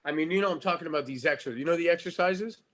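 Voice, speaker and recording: A man's voice: a little high, quick pace, a bit bright. A middle-aged man from Canada, a guest actor in a casual podcast interview, talking frankly with many stammering restarts.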